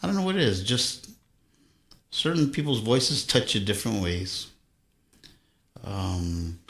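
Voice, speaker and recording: A man's voice: lowish voice, fairly bright tone. A man hosting a live music stream, chatting casually with viewers between songs in an easygoing, rambling way. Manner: rambling, easygoing, self-interrupting. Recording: roomy, with acoustic guitar behind. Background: acoustic guitar.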